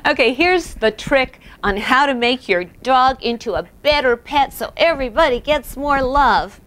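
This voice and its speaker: A woman presenter giving casual dog training tips to the camera, chatty and animated, breaking into laughter now and then. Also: high voice, unhurried. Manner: animated, laughs often, addresses her dog between tips. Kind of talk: casual how-to talk to camera.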